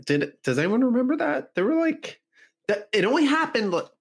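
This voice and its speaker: A man's voice: extremely high pitch, sing-song, fairly quick, creaky, slightly rough. A man co-hosting a casual podcast chat, teasing and asking questions. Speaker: podcast co-host.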